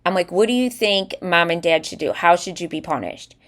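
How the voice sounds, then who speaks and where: Speaking fairly fast with a fairly low pitch, a woman in her thirties swaps kid stories on the podcast she co-hosts. Her storytelling is animated, and she acts out what her son said.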